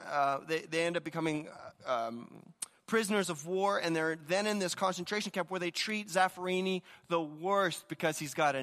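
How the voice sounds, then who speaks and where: A man in his thirties delivers an energetic sermon, stumbling and repeating words as he builds into each point. His voice sits high and sounds bright and forceful. A long reverb trails behind him, as if he is in a large hall. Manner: energetic, storytelling, repeats words when starting a thought. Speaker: pastor.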